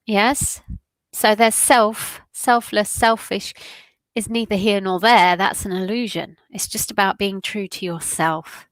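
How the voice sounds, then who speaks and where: A woman's voice: medium pitch, steady tone, a little slow, no echo. A woman hosting a weekly tarot meditation, talking in an emotional, rambling way with a runny nose. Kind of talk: casual spiritual talk.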